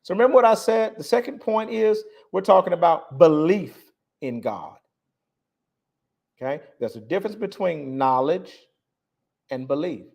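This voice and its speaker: A man hosting a live online talk, preaching in a repetitive cadence, leaning hard on key words and letting phrase ends trail off softly. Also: high-pitched, lively intonation, moderate pace, gravelly, long pauses. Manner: preaching cadence, stressing words, repeating lines. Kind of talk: live-stream monologue on religion.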